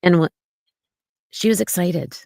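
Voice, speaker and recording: A woman with a low, gravelly voice talks slowly and reassuringly as a podcast guest, sprinkling her speech with fillers. The sound is close and dry, with no room in it. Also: no room sound. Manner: slow, gentle and reassuring, with many fillers. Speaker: podcast guest, mommy domme. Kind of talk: casual interview talk.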